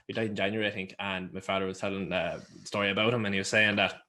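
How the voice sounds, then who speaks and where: A man's voice: sits low, little pitch movement, fast talker, sharp tone. A young Irish man co-hosting a podcast, telling rambling stories in casual chat and swearing freely. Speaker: podcast co-host.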